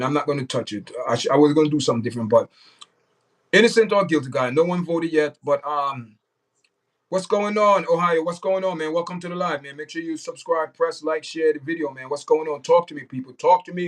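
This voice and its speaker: A man with a somewhat high voice speaks fairly quickly, captured on a distant mic in a low-quality recording. He's hosting a casual livestream, addressing his chat directly and repeating himself often.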